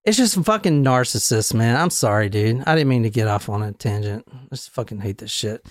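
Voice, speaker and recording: A man's voice: mid-range voice, lively intonation, brisk, no room sound. Speaking in a mid-range voice, this man hosts a casual podcast and rants with heat, swearing freely. His voice is close and dry on a studio mic, with no room around it. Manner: heated, profane ranting. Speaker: podcast host.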